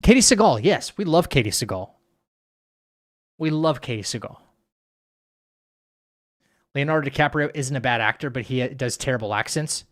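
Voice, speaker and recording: On a live stream, a man casually reacts to comments from chat, rambling and frequently stammering or restarting his sentences. His medium-pitched voice is animated, moderately paced, and broken by long pauses.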